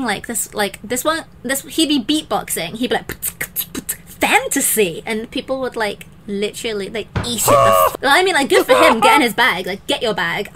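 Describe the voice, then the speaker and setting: A woman hosting a podcast, chatting casually and animatedly, often mimicking others. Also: a little hiss or hum. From English-speaking country. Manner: animated, quick to mimic others in high voices. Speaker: podcast host.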